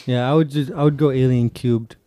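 Wisecracking male podcast host, mellow tone. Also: mid-range voice, steady tone, brisk, no room sound. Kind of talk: casual chat.

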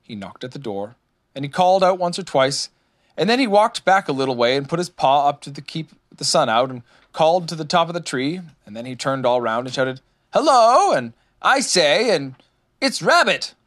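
A man narrating a children's storybook in a lively, expressive way, voicing many characters. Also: medium pitch, fairly quick. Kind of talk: storybook reading.

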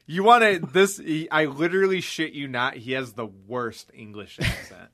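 A man's voice: on the high side, moderate pace, bright, forceful tone, a little hiss or hum. A young man hosting a podcast, laughing and swearing through casual chat. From United States. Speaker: podcast host.

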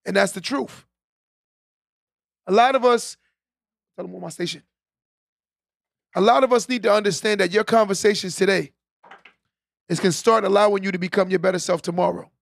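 A man's voice: high-pitched, moderate pace, vocal fry, long pauses, no echo, clean studio sound. A man hosting a live stream, giving a preachy motivational talk to his viewers, repeating his key lines and often tagging them with "right?". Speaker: podcast host on a live stream.

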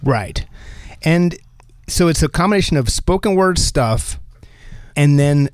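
Podcast co-host from New Jersey, animated and chatty, dry close recording. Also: male voice, a little high, a little slow, no room sound. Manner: talkative, animated, laughs often. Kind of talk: casual discussion.

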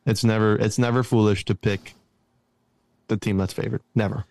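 Low, dry male co-host, jokey and argumentative. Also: flat delivery, normal speed, darkish tone, no echo. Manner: joking, argumentative about betting favorites. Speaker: podcast co-host. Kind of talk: casual sports podcast chat.

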